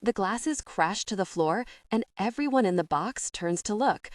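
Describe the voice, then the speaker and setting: A young adult woman reading a first-person romance audiobook with a steady, calm and expressive delivery. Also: mid-range voice, measured pace, dry recording. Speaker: audiobook narrator.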